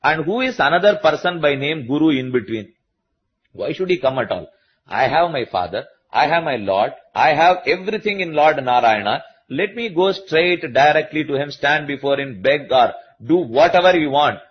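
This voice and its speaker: A man with an Indian English accent giving a slow, patient religious discourse to a listening audience, repeating key points as he explains. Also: on the high side, lively intonation, slightly rough, muffled recording. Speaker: spiritual teacher.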